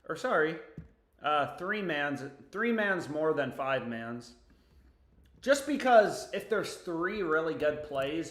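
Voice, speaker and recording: A young man hosting a casual sports betting livestream from home, excitable and quick to swear as he talks to himself and his viewers. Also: a little high, roomy sound.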